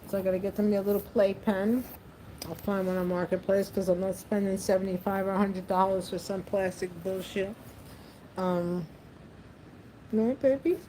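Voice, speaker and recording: A woman's voice: mid-range voice, level tone, moderate pace, mellow, a little hiss or hum, low-quality recording. A woman chatting casually to the camera, rambling, laughing often and talking to her pet. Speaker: vlogger.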